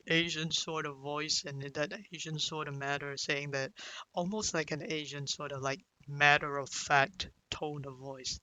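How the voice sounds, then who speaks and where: A man's voice: fairly high pitch, bright, forceful tone, dry recording, rough recording. Young man telling a painful story, hesitant. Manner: hesitant, full of restarts and "you know"; sighs and breaks down into whispers at emotional moments. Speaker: vlogger. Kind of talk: personal storytelling.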